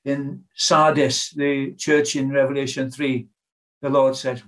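A man's voice: mid-range voice, steady tone, a little slow. An older British man preaching a sermon in an earnest, pleading way, asking his hearers many questions.

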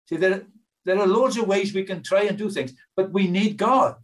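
A man's voice: high-pitched, normal speed. An older British man preaching a sermon in an earnest, pleading way, asking his hearers many questions.

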